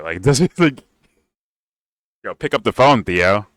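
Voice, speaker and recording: A man's voice: mid-range voice, lively intonation, brisk, long pauses, pushed and bright, no echo. A man hosting a casual reaction commentary, heated, sarcastic and profane. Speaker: political commentator.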